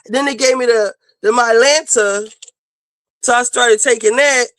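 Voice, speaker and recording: A woman's voice: on the high side, steady tone, moderate pace, a bit bright, dry recording. A woman panelist in casual chat, talking bluntly and rambling with plenty of swearing. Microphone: video call.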